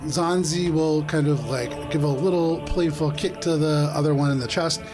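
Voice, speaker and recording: A man serves as game master, narrating a tabletop game in a loose, easygoing way with plenty of fillers. His voice sits slightly high, and clear background music plays beneath him. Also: fairly even intonation, moderate pace.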